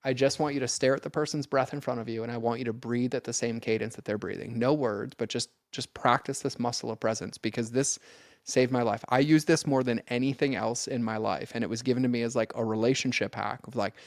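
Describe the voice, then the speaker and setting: A man's voice: mid-range voice, fairly even intonation, brisk, no echo, clean studio sound. A man talking as a podcast guest, earnest and direct, speaking casually with lots of "like" and the odd swear, often addressing listeners straight on. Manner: casual, peppered with "like" and mild swearing.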